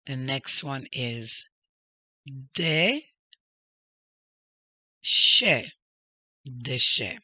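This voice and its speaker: A man's voice: mid-range voice, pushed and bright, no echo. A man teaching a reading lesson, patiently sounding out each syllable and pointing things out step by step. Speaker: Hebrew teacher. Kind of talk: slow spoken lesson.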